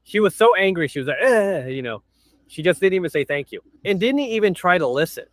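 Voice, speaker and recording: A man's voice: big pitch swings, fast talker, no room sound. Blunt man telling stories on a livestream. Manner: blunt storytelling, jumps into high shrill voices to mimic people. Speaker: livestream host. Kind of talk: casual chat.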